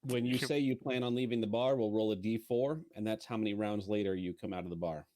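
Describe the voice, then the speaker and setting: A man running a tabletop game as dungeon master, asking the players measured questions. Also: fairly low pitch, darkish tone.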